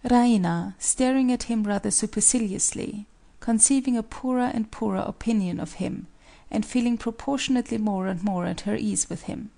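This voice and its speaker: A woman reads the stage directions of a play aloud, calm and measured. Her voice carries a gravelly, creaky texture, and her pitch sits mid-range. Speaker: narrator. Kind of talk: audiobook stage-direction reading.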